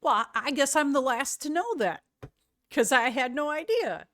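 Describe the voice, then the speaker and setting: A woman's voice: high-pitched, lively intonation, unhurried, fairly bright tone, no echo, clean studio sound. A middle-aged woman streaming live, chatting casually with viewers in a rambling way and often searching for words.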